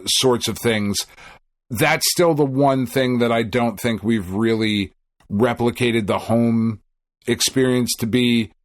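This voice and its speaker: A man in his thirties co-hosting a podcast, talking loosely and profanely. He tells stories with animated acted-out quotes, his voice sitting at an ordinary middle pitch. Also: no echo, clean studio sound. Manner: profane, animated storyteller who acts out quotes. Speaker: podcast co-host. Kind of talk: casual chat.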